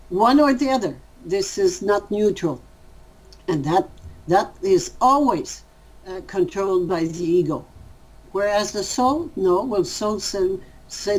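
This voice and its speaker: A woman gives interview answers at an unhurried, deliberate pace, stopping now and then to find a better word. Her voice sits at a middling pitch, and her delivery stays reflective and measured. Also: lively intonation, darkish tone, rough recording. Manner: measured, pausing to rephrase.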